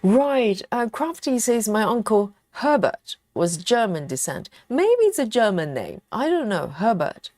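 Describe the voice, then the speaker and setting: A British woman chats unhurriedly through a live stitch-along, reading comments aloud and laughing easily. Her pitch swings widely as she muses, and the sound is dry and close. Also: big pitch swings, a little slow, few pauses, a little mellow, no room sound. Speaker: livestream host reading viewer chat. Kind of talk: casual live chat while cross-stitching.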